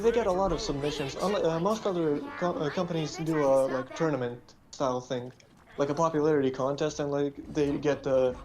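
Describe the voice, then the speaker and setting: Male streamer, somewhat high pitch, rambling casual talk, noisy line. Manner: rambling, filler-heavy, frank about writing. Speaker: vtuber streamer and web novel author. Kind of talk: casual chat.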